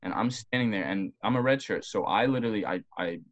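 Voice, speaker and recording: A man's voice: lowish voice, quick pace. Profane young man telling rambling stories. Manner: rambling, profane, animated storytelling with voiced quotes. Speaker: guest, former college football player. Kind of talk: casual podcast storytelling.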